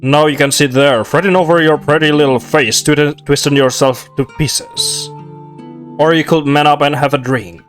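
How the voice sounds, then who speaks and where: Man doing a gruff devil barfly, low and gravelly, rude drawling mockery over soft guitar. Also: steady tone, moderate pace, close to an everyday voice. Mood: mocking. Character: imposing gruff male devil drinking at a bar.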